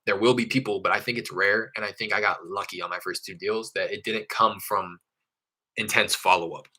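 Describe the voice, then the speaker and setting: A young adult man vlogs casually about following up with leads in his real estate wholesaling work, candid and conversational, sometimes acting out his phone calls. His fairly low voice is steady in tone, a little fast, pushed and bright, in a low-quality recording.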